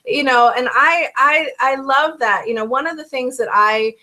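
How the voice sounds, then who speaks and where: A woman's voice: high voice, moderate pace, pushed and bright. A woman, a life coach speaking as a guest, talking about nature in an earnest, reflective way. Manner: earnest, thoughtful, with many restarts. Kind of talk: reflective conversation.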